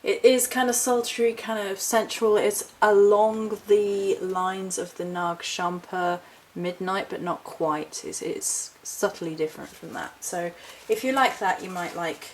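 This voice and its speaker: A woman's voice: medium pitch, fairly even intonation, unhurried, hardly any pauses, slight background noise, rough recording. A woman chatting casually through a haul vlog, rambling and correcting herself as she goes. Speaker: witchcraft vlogger.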